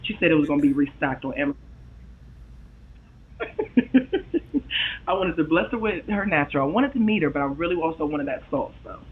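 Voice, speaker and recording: A woman's voice: sits low, expressive, moderate pace, long pauses. A woman guest chatting casually on a live stream, slangy and laughing often, heard over a video call. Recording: tinny remote call audio.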